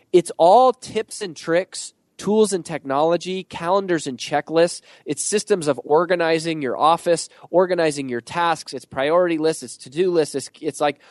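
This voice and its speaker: A man guest on a podcast, answering in an animated storytelling way, building his points in rhythmic lists. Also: a little high, no room sound, clean studio sound. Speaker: podcast guest, author and speaker.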